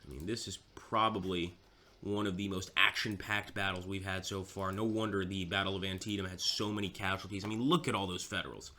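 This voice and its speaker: A man's voice: low voice, steady tone, brisk, sharp tone. A man giving casual, chatty commentary over a strategy game, mocking himself now and then.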